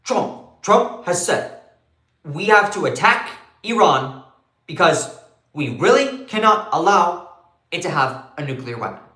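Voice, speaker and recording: A man doing an impression of a fiery older male politician, loud and punchy, stressing each word. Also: a little high, big pitch swings, a little slow, long pauses, echoey room, pitched above the performer's own voice, heavily acted. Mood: indignant.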